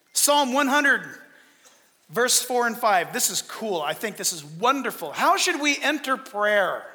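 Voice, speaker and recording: A man with a very high, bright voice preaches a sermon with animated swings in pitch. He acts out little voices and quotes as he goes, his words ringing through a large hall with a long reverb. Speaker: pastor.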